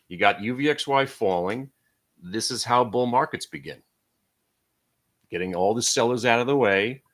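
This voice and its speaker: A middle-aged man giving brash, joking live commentary as host of a day trading stream, his voice rising and falling in loudness as he gets excited. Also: lowish voice.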